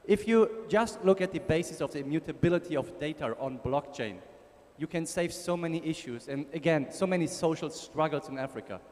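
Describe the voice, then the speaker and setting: A man's voice: on the high side, fairly quick, hardly any pauses, darkish tone. A man with a German accent giving a casual conference talk, joking with the audience. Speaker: conference speaker. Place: conference ballroom. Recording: long hall reverb.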